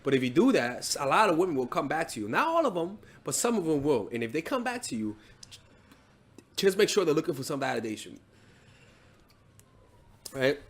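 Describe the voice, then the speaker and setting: A man's voice: fairly high pitch, very animated, fairly quick, long pauses. A man giving dating advice as a coach in a casual monologue, blunt and profane, with frequent restarts and "right?" tags.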